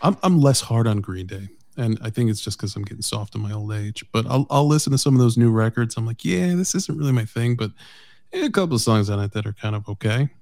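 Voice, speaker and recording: A man chatting casually, relaxed and a bit self-deprecating. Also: lowish voice, fast talker, no echo. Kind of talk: casual chat.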